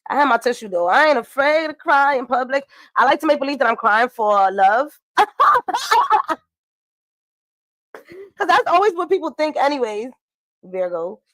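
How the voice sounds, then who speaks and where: A woman's voice: high voice, expressive, fairly quick, a bit bright, no echo. Chatty woman reading tarot, dry close sound. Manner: chatty, swearing, laughing asides. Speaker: tarot reader. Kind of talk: casual astrology and tarot reading.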